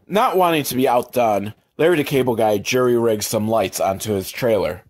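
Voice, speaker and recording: A man giving a crude, sarcastic comedic recap of a movie, swearing freely and jumping up in pitch for emphasis. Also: lively intonation, fairly quick, hardly any pauses. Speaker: movie commentator.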